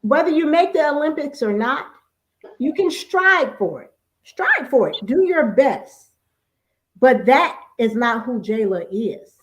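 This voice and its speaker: A woman hosting a talk show, speaking in a warm, affirming way and encouraging her guest. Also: high-pitched, expressive, unhurried. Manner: warm, affirming, uses endearments.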